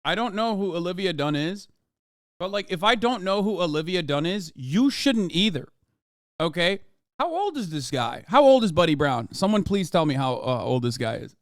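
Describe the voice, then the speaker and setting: A streamer reacts to a clip in casual, heavily profane commentary, mocking what he watches. His voice is smooth and clear, recorded dry and close. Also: high voice, very animated, moderate pace, dry recording.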